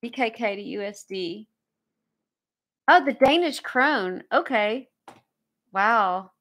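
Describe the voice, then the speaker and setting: A woman's voice: a little high, expressive, slow pace, a bit bright. A woman hosting a casual livestream, reading viewer comments aloud and thanking people effusively. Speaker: livestream host.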